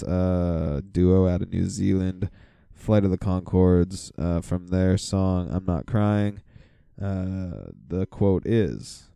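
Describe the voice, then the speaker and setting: A man with a low, gravelly voice rambles through a casual solo podcast, piling up fillers as he tells his stories. His tone is very dark but smooth and clean, recorded close and dry. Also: dry recording. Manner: rambling, filler-heavy storytelling. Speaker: podcast host.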